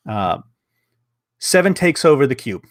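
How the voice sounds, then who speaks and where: A man's voice: medium pitch, very animated, a little slow, dry recording, clean studio sound. A man hosting a casual podcast review of a TV episode, rambling along with lots of fillers, restarts and swearing.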